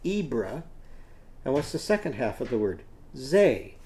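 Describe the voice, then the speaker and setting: Mellow-voiced man teaching children phonics. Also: mid-range voice, sing-song. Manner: patient, sounds out words slowly for children. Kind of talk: children's literacy lesson while drawing.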